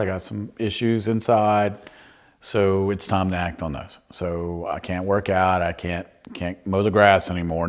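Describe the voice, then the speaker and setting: A middle-aged man, a pastor, giving a humorous storytelling sermon full of self-mocking, chatty anecdotes. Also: lowish voice.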